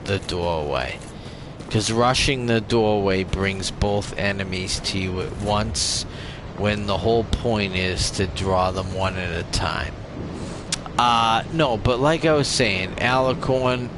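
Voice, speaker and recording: A man's voice: lowish voice, noisy background. A young man livestreaming a video game, swearing and trash-talking the enemies and chatting with his viewers. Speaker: gaming livestreamer. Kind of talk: profane live gameplay commentary. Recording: game music playing loudly behind. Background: loud game music.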